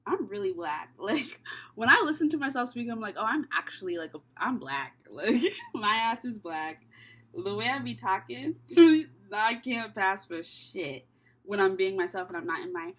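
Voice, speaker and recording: A woman's voice: medium pitch, big pitch swings, normal speed, fairly bright tone. A young woman from Canada doing a casual tarot reading and talking candidly, with plenty of swearing, as she thinks aloud. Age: young adult. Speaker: tarot reader.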